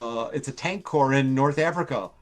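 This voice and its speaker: An older man, a TV writer and producer appearing as a guest, tells rambling, casual anecdotes over a live stream call, filled with fillers and acted-out quotes. He speaks at medium pitch and a moderate pace.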